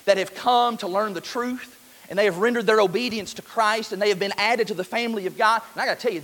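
A man in his thirties preaching a sermon in a church, earnest, swelling loud and then dropping soft. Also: sits high.

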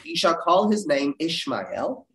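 A man teaching a Bible class, reading verses aloud with dramatic leaps in pitch. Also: sing-song, a little slow. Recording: roomy echo.

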